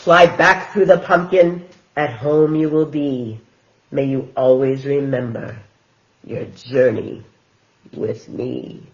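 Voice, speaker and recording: A woman hosting a children's storytime, reading picture books aloud in a gentle, expressive way. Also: a bass voice, slow, highs cut off. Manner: gentle, expressive, sing-song. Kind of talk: picture book read-aloud for toddlers.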